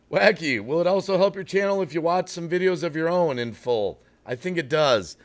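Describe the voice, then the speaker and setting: A man's voice: fairly high pitch, animated, moderate pace, hardly any pauses. A man hosting a live stream, ranting bluntly to his chat and breaking off to apologize for getting worked up. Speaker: livestream host.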